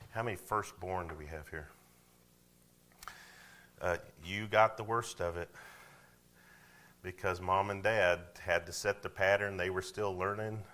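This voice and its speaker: Man, deep voice, sermon, questions to the congregation, loud and hushed turns. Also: unhurried, long pauses. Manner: conversational preaching, asks the congregation questions, swings from loud to hushed. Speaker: pastor.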